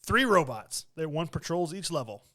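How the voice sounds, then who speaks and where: Young man, podcast co-host, animated storytelling, laughs a lot, fairly high voice. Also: normal speed. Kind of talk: casual chat.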